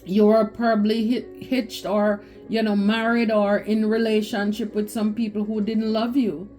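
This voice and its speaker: A tarot reader gives a spiritual reading, speaking emphatically and repeating phrases for stress. Her voice is mellow and medium-pitched with a level tone, a little slow, over soft background music.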